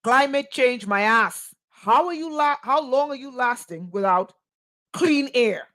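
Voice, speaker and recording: Casting: woman, spiritual teacher, slightly high voice, deliberate pace, emphatic and sarcastic. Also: lively intonation, a bit bright. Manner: emphatic, rhetorical questions, sarcastic asides. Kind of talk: impassioned spoken monologue.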